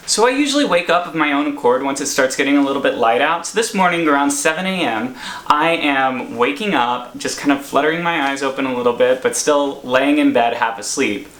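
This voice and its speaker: A man's voice: medium pitch, lively intonation, fairly quick, a bit bright, reverberant. A young man vlogging a dramatic, laughing storytime from his apartment. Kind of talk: storytime vlog.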